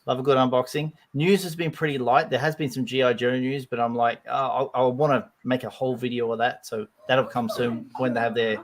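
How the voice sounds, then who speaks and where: A man with an Australian accent, a guest who makes videos, chatting in a relaxed way on a casual online show. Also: medium pitch, fairly quick, few pauses, a little hiss or hum. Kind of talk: casual chat.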